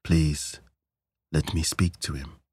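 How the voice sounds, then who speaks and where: A man reading the part of a serene robed man in his thirties who speaks softly, calmly and kindly. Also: deep voice, unhurried, husky. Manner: soft, calm and kindly. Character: calm robed male cult figure, thirties, gentle.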